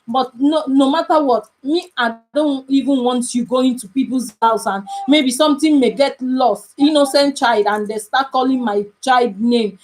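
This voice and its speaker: Young nigerian mom on a live stream, kinda high voice, says stuff twice, pleading and emphatic. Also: female voice, normal speed, hardly any pauses, darkish tone, poor audio. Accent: Nigerian English. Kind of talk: casual live stream chat.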